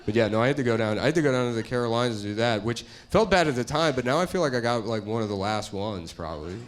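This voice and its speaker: A middle-aged man doing stand-up, rambling in a deadpan way and trailing off into mumbles. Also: mid-range voice, fast. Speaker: comedian. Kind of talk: stand-up comedy bit.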